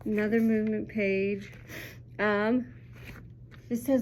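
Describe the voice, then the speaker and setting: A woman's voice: medium pitch, little pitch movement, moderate pace, pauses often, darkish tone, slight background noise. A young woman teacher chatting casually through a children's book review, upbeat and full of ums.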